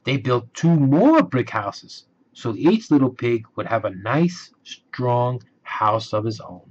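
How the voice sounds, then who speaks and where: A man reading a children's storybook aloud, slow and expressive. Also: mid-range voice. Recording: dull lo-fi recording.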